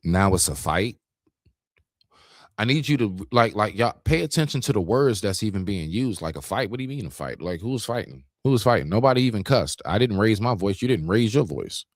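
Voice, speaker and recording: A man with a lowish voice talks at normal speed, recorded in a clean studio with no room sound. Co-hosting a talk stream, he argues his point in a heated casual debate, animated, confrontational and emphatic, and at one point demonstrates raising his voice.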